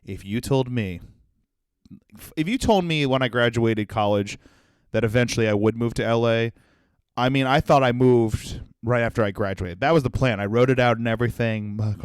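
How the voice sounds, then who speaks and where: A man's voice: mid-range voice, moderate pace, clean tone, dry recording, clean studio sound. A young man hosting his own comedy podcast alone, swearing freely and swinging from jokes to sincere, self-deprecating reflection. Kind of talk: solo comedic monologue.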